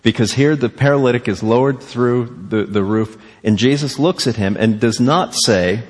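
A man preaching a sermon, animated, asking rhetorical questions and acting out the quoted lines. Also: medium pitch, moderate pace, husky, in a large hall. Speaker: pastor.

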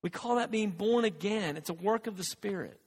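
A man's voice: sits high, moderate pace, breathy edge, in a large hall. A man preaching a conversational sermon as a pastor, with fillers and restarts and rising intensity on quoted scripture.

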